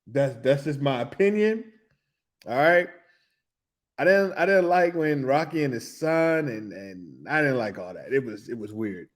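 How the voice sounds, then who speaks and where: A middle-aged man hosting a podcast, telling a loose, animated story in casual slang, with laughs and restarts. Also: medium pitch, unhurried. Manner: animated, humming tunes and acting out reactions. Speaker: podcast host.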